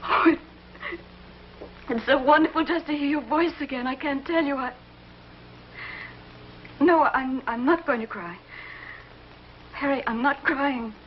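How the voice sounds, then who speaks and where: A woman's voice: high-pitched, measured pace, pauses often, slight background noise. An actress playing a lonely woman who pleads with an estranged lover over the phone, stammering and crying. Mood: pleading. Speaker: distraught caller. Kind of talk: 1950s television drama acting. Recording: dull old TV soundtrack with music.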